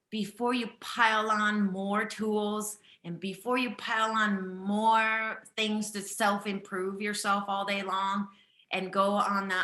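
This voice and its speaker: A woman hosts a live breathwork session with a bright, clear tone and an unhurried pace. She speaks gently and earnestly and often repeats key phrases. Her voice carries the echo of a roomy space. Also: mid-range voice. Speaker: breathwork teacher and host. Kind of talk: live online session talk.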